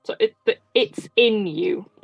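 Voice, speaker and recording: A woman playing a tabletop game over a voice call, easygoing and quick to laugh. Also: medium pitch, creaky, slightly rough, faint music behind, rough recording. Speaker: player. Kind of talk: casual tabletop game chat with in-character lines. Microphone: computer mic on a voice call.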